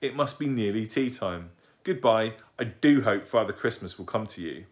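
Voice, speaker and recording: A man's voice: lowish voice, animated, normal speed, lightly acted. A man reading aloud and voicing a chatty, bossy little girl who explains things eagerly. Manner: eager, explaining, matter-of-fact.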